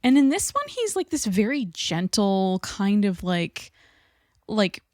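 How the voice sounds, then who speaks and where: A woman's voice: medium pitch, very animated, slow pace, darkish tone, no echo, studio quality. A woman co-hosting a podcast, talking expressively about an old film and laughing often. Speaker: podcast co-host. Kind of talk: casual film discussion.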